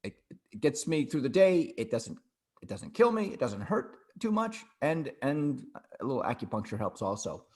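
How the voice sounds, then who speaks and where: A man's voice: mid-range voice, sing-song, moderate pace, a little mellow. A middle-aged man co-hosting a podcast over a video call, talking things over reflectively and often repeating words while he thinks. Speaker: podcast co-host.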